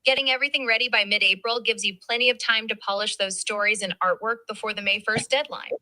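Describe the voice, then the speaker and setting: A woman's voice: on the high side, steady tone, fast talker, bright, forceful tone, no room sound, poor audio. A woman's AI assistant voice giving chatty, encouraging replies that can turn snarky and teasing. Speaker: AI chat assistant. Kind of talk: conversational AI replies.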